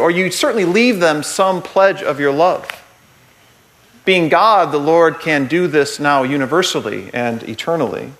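Animated man giving a faith talk. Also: high voice. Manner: animated storyteller, jokey asides, builds to earnest points. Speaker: Catholic speaker giving a talk on the Eucharist. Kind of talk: humorous teaching talk to a group.

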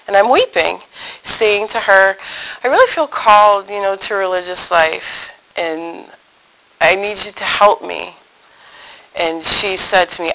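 A woman tells a personal faith story to an audience, her voice edged with gravelly fry. Her tone is bright and forward. She is animated and acts out the family members she quotes. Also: fairly low pitch, low-quality recording. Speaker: speaker sharing a faith testimony.

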